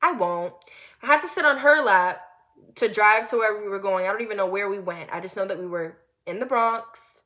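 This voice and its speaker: A young woman telling a personal story in a vlog, animated and repetitive, with lots of swearing. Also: medium pitch, moderate pace. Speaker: vlogger.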